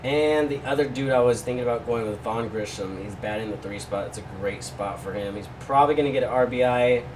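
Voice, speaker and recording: A man's voice: mid-range voice, brisk, distant mic, noisy background. Casual chatty man a bit off mic. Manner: loose, chatty, jokey asides, talks to viewers and his dog. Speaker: sports betting host. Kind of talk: casual betting picks vlog.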